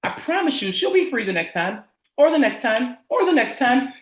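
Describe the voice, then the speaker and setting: A man's voice: very high-pitched, very animated, normal speed, roomy sound. Hyped, slangy man training a sales team. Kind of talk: team training over video call. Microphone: video call.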